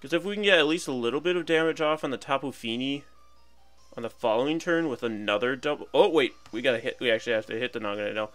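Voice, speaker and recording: A man's voice: mid-range voice, fast, a bit bright, faint music behind. A young man casually commentating his own battle game, chatty and playful, thinking aloud about each move. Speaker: gaming commentator.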